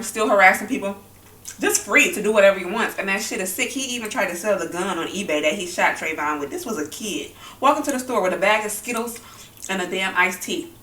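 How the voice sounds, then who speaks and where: A woman's voice: mid-range voice, pushed and bright, roomy sound, recorded from a distance. A woman vlogging while she eats, talking bluntly and angrily about the news and swearing often. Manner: blunt, heated and profane. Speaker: mukbang vlogger. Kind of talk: angry opinion talk while eating.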